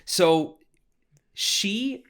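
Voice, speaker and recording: A young man co-hosting a casual podcast, telling high school stories animatedly and swearing freely. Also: expressive, extremely slow, a bit bright, smooth. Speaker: podcast co-host. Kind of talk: casual storytelling chat.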